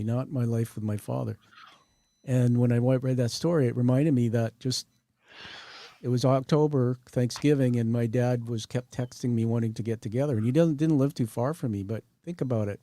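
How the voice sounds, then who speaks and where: Earnest man hosting, mellow voice. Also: mid-range voice, brisk, dry recording. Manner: earnest, sharing a personal story. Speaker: podcast host. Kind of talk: emotional interview conversation.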